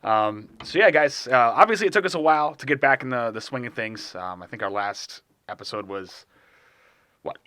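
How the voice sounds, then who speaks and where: Podcast co-host: young man, bright and forward voice, dry profane asides, dry close sound. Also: mid-range voice, lively intonation, normal speed, no echo. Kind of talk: casual chat. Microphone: studio mic.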